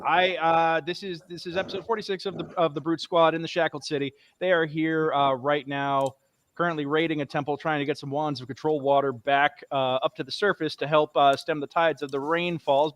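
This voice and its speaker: A man's voice: on the high side, steady tone, normal speed. A man, the dungeon master, giving a showy, wisecracking welcome to a game stream. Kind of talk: show intro and casual chat.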